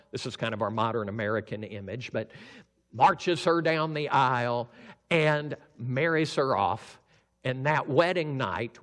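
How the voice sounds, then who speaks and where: A male pastor telling a Bible story as a sermon, animated and acting out the characters. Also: medium pitch. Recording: long hall reverb.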